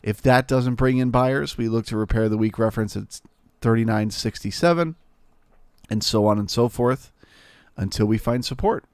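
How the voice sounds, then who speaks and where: A man with a nasal voice talks through market levels on a live trading stream. His pitch sits in a middle range and his delivery is explanatory and matter-of-fact. The recording is dry and close, with little room sound. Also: normal speed, darkish tone, dry recording.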